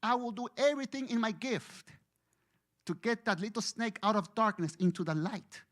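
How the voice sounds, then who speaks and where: A man's voice: high-pitched, moderate pace, a bit bright, pitched above the performer's own voice. A man voicing a solemn male rain god in a spoken parable, making a firm vow. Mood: resolute.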